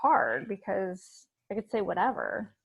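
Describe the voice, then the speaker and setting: A woman's voice: mid-range voice, sing-song, unhurried, creaky, husky, narrow, tinny audio. A woman on a team video call, talking hesitantly with many fillers. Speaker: sales team member. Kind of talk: casual chat on a video call.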